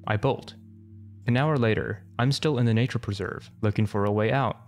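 Male narrator, mid-pitch, dry matter-of-fact comic storytelling, faint music behind. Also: normal speed. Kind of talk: comedic narration of an internet story.

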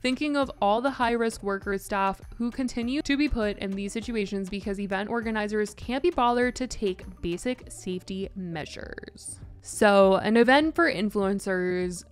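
A woman hosts a gossip commentary show. She talks in a chatty, opinionated way, and her voice comes across smooth and clear. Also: mid-range voice, moderate pace, soft background music. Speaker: host.

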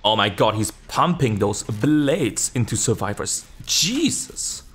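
A man giving live gameplay commentary, excitable, swearing casually, jumping to high yelps when the game gets tense. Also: slow. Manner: swears casually and laughs at himself. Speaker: video game streamer.

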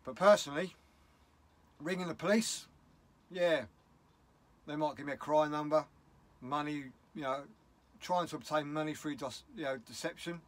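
A man's voice: on the high side, normal speed, pauses often. A middle-aged man with a British English accent, talking in a casual vlog, upset and rambling bluntly. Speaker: vlogger.

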